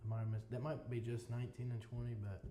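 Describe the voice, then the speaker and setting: A man's voice: mid-range voice, level tone, fast, warm tone, slight background noise. A man as a podcast guest, talking in a casual interview with earnest, reflective storytelling. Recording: roomy echo with faint ambience.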